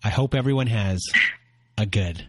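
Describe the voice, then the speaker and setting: A man hosting a podcast, thanking his guest in a halting, rambling way. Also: on the low side, heavy background noise. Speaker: podcast host.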